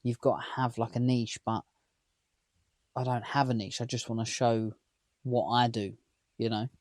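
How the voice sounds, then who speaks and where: A man's voice: mid-range voice, flat delivery, moderate pace, a little mellow, dry recording. A man in his thirties with an accent from just outside London, chatting to camera inside his camper van, rambling and asking viewers questions. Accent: southern English, London area. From England. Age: 30s. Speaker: vlogger. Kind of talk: casual chat to camera.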